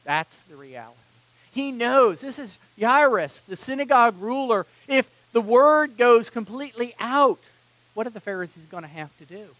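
A man preaching a sermon as pastor, animated, switching between loud emphasis and hushed asides. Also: sits high. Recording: dull lo-fi, dry.

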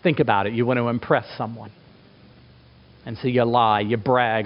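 A middle-aged man preaching a sermon as a pastor, emphatic, asking rhetorical questions and swinging his pitch for effect. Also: fairly even intonation, normal speed. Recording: dull lo-fi recording.

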